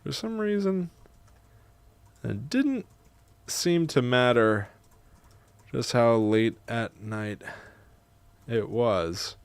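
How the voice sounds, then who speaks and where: A man writing a horror story live, dictating slowly and musing, then chatting with viewers. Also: mid-range voice, clean tone, dry recording. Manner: slow, halting and musing; lively and chatty with his viewers.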